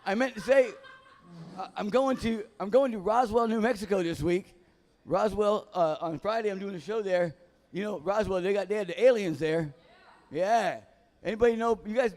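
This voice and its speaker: A man with a notably high voice performs stand-up in a dive bar comedy room. He rambles through profane, casual stories and keeps losing his place mid-thought. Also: darkish tone. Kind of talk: live stand-up set.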